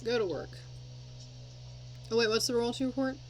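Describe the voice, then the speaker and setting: A woman's voice: a little high, moderate pace, slight background noise. A young woman hosting a casual game commentary, chatting and swearing at her characters as she plays. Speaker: let's play host.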